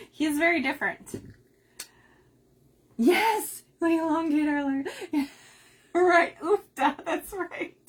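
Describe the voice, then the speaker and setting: On her craft livestream, an Upper Midwest woman keeps up relaxed chatter while crafting, frequently laughing and reading viewer comments aloud. Her voice sits on the high side and sounds husky.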